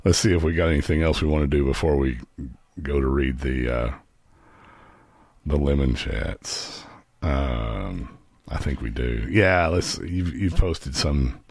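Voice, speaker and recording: A man's voice: a bass voice, measured pace, vocal fry, a little mellow, no room sound. A man hosting a live stream, giving sarcastic, mocking commentary on clips. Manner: mocking, sarcastic, laughs at own jokes. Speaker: host.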